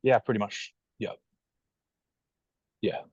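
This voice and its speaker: A man with a New Zealand accent, a guest in a casual podcast interview, speaking in a measured, matter-of-fact way over a video call. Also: a little mellow, no room sound. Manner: measured, matter-of-fact, calls himself rational. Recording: dull, dry video-call audio.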